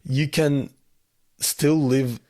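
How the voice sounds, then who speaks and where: A man's voice: mid-range voice, steady tone, very slow, darkish tone. Blunt man, swearing casually. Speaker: podcast guest. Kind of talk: casual chat.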